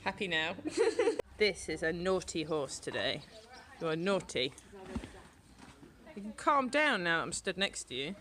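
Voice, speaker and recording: A woman's voice: on the low side, animated, a little slow, pauses often, sharp tone. A woman vlogging casually at a horse yard, chatting fondly to the animals. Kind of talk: casual vlog chat. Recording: background music playing.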